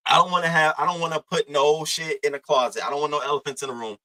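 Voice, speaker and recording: A man's voice: on the high side, steady tone, quick pace, bright, forceful tone, rough recording. A young man hosting a casual live-stream commentary, talking loose and profane in slang and greeting chatters by name.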